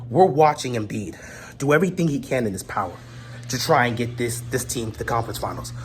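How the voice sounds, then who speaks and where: A woman delivering a heated sports rant, exasperated and repeatedly shouting in disbelief. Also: a bass voice, fast, slight background noise. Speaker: sports commentator.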